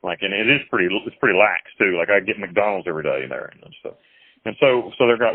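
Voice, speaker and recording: A man's voice: deep voice, fast talker, dry recording. A man being interviewed as an author, talking in a blunt, rambling, casual way over a phone call. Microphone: phone call from jail. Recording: tinny phone line.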